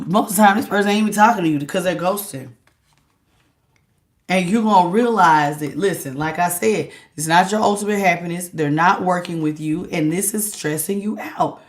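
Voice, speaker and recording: Animated woman giving a tarot reading. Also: fairly low pitch. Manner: animated and emphatic, casual slangy talk. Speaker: tarot reader. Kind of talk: direct-to-camera tarot reading.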